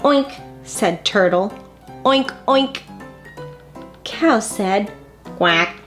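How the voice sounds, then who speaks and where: A woman reads a children's picture book aloud at a slow, unhurried pace. Her voice sits a little higher than most and moves with lively, animated pitch. Faint music plays behind her. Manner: slow, expressive, addresses children. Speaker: storybook reader for children.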